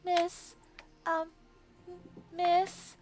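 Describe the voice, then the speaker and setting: A woman's voice: extremely high pitch, monotone, extremely slow, darkish tone, faint music behind, voice pushed up, full character voice. A woman voicing a timid, anxious young servant who stammers politely in a tabletop game. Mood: worried. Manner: hesitant, stammering.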